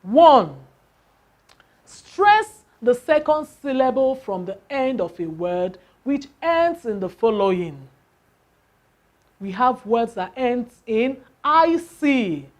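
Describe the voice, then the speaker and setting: A woman's voice: on the high side, sing-song, slow pace. A woman teaching a lesson on word stress, spelling out letters and asking the class rhetorical questions.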